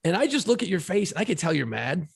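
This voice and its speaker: A middle-aged man co-hosting a podcast, a former radio DJ telling profane, animated stories in casual chat. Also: high voice, fast, vocal fry, husky.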